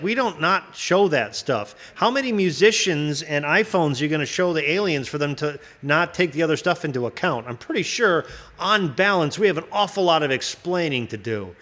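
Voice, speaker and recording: A man's voice: a little high, a bit bright. A man hosting a casual chat, riffing in a rambling, profane way and laughing often. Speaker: host.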